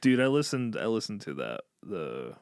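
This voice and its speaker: A man from Illinois co-hosts a casual music podcast, his voice sitting low. He talks in loose, enthusiastic rambles full of "like" and "um," sounding close and dry on the mic. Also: very animated, normal speed, creaky, darkish tone, dry recording. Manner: rambling, filler-heavy, enthusiastic. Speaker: podcast co-host. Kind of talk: casual music review chat.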